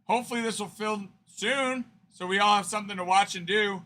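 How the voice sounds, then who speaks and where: Male stream host, chatty banterer, brilliant bright tone, a touch high. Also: fairly quick. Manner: chatty, teasing banter, fond of the word 'frickin''. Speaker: card-breaking livestream host. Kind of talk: casual livestream chat with viewers.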